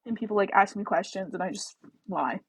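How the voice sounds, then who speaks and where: A woman's voice: mid-range voice, fairly quick, breathy edge, no echo, rough recording. A young woman with a general American accent, hosting a casual book club livestream, rambling and swearing freely with lots of fillers. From American Midwest.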